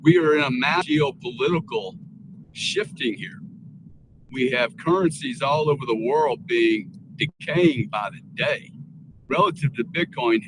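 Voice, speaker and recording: A man's voice: mid-range voice, sing-song, unhurried, vocal fry, noisy background. A man speaking earnestly and rambling with many restarts as a guest on a casual live panel talk.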